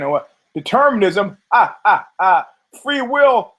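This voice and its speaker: A man hosting a podcast, telling a story in a casual, profane, animated way and acting out the people in it. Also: sits high, unhurried, hardly any pauses, low-quality recording. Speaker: podcast host.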